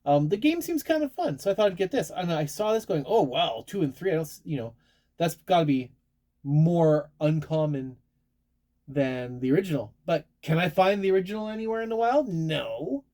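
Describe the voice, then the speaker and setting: A man's voice: a little high, lively intonation, moderate pace, warm tone. A married man, chatting casually as a collector showing off his latest purchases. He rambles, restarts words and pokes fun at himself. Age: adult, married. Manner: rambling and self-deprecating, with frequent restarts. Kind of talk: casual chat.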